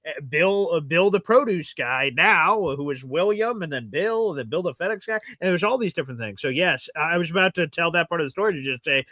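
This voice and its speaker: Bright upbeat podcast host man. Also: fairly high pitch, animated, fairly quick, few pauses, dry recording. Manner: upbeat promotional patter. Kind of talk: live podcast chat.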